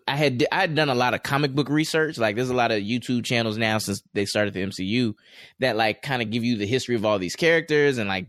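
A man's voice: mid-range voice, no room sound. Casual man chatting, dry close sound. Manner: relaxed, rambling with many fillers and restarts. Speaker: podcast co-host. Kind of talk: casual chat.

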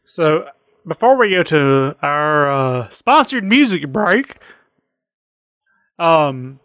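A man's voice: sing-song, extremely slow, a bit bright, clean tone, no room sound. Profane man hosting a dry-sounding podcast. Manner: profane, enthusiastic pitching of a board game. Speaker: podcast host. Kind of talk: casual chat.

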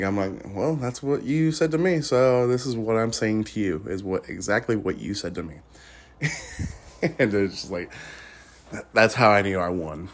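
A man in his thirties hosting a podcast, rambling casually in a blunt, crude way and laughing often. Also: low-pitched. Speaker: podcast host.

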